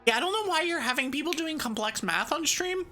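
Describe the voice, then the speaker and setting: Giggly, bright-voiced woman streamer. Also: high-pitched, animated, brisk, soft background music. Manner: bubbly, giggly, jokey and sarcastic. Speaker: VTuber streamer. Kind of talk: casual live-stream chat, answering chat.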